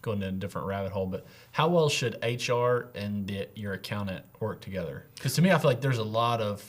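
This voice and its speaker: A man hosting a podcast, asking quick, chatty questions in casual talk. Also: on the low side, animated. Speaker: podcast host.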